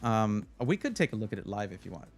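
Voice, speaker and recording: A man's voice: on the low side, big pitch swings, fast talker, soft background music. Chatty man hosting a livestream. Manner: chatty, rambling, restarts phrases, playful with chat. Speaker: livestream host giving PC buying advice. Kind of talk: casual livestream chat reading viewer comments.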